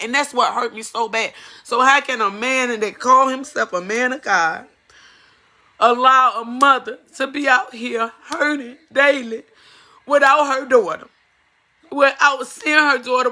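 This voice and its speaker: A woman speaks straight to the camera in an emotional personal testimony. Her tone is bright and forceful, earnest and pleading, and she repeats lines to drive them home. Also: sits high, unhurried. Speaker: mother giving a personal testimony.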